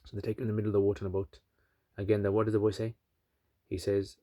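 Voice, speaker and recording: A man's voice: fairly low pitch, monotone, racing, long pauses, warm tone, no echo, studio quality. A man casually retelling a religious story, chatty with many asides and fillers.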